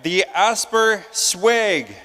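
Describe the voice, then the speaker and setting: A man with a high, light voice calls out prize winners at a live conference. He speaks in a loose, joking, chatty way. His voice rings with a long reverb from the big hall around him. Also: expressive, extremely slow, a bit bright. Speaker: emcee drawing prize winners.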